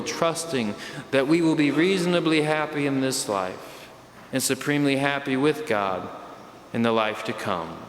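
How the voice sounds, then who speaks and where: A man, a priest preaching a sermon, speaking emphatically and slowing down, dropping low on key words. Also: slight background noise. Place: church. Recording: echoey church hall from a distance.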